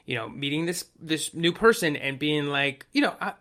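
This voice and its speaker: A man chatting casually about songs he likes, rambling and swearing as he goes. His voice is bright and forceful and sits a bit high. He acts out little quotes along the way. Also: animated, normal speed, few pauses. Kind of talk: casual chat about music.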